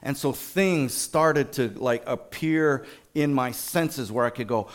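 A man sharing a story in an informal church talk, animated, with many fillers and restarts. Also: mid-range voice, slow. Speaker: school district staff sharing a testimony at church.

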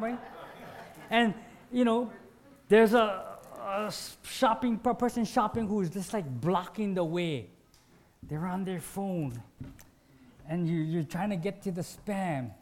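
A man delivers a casual spiritual teaching in a voice that sits high. He's lively and pokes fun at himself, acting out ordinary moments in short, punchy bursts.

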